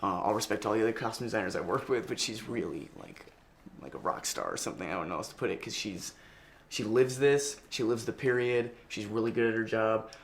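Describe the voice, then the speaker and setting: A man's voice: on the low side, vocal fry, slight background noise. A young male actor in a press interview, talking in a loose, rambling way full of fillers and restarts. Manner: rapid, rambling, lots of likes and restarts.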